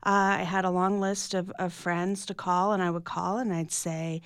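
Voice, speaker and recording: A woman's voice: lowish voice, flat delivery, a little slow, hardly any pauses, clean tone, no room sound, clean studio sound. A middle-aged woman, an author talking candidly and reflectively in a radio interview, often restarting her sentences. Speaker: author and guest.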